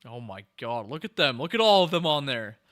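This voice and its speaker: Excitable young man reacting to a film. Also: medium pitch, brisk. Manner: excitable, exclaims and talks back to the screen. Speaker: podcast host. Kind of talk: casual movie reaction commentary.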